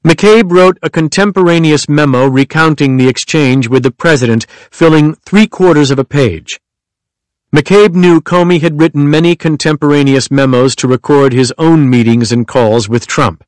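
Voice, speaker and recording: Man, audiobook narrator, measured even reading, slightly high voice, dry close mic. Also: no room sound. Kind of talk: scripted nonfiction narration.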